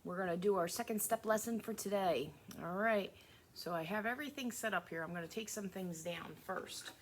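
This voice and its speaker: A woman teacher giving a remote lesson to young children, speaking slowly and in a sing-song way. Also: medium pitch, slight background noise.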